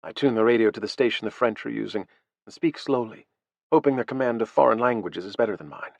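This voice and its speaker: A man narrating a first-person audiobook in a steady, even reading voice. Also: fairly low pitch, quick pace, gravelly, no room sound.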